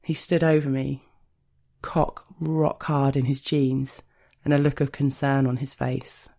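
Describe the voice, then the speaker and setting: Gravelly, mellow man reading intimately. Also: medium pitch, little pitch movement. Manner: slow, intimate, hushed storytelling. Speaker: narrator. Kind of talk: first-person erotic story reading.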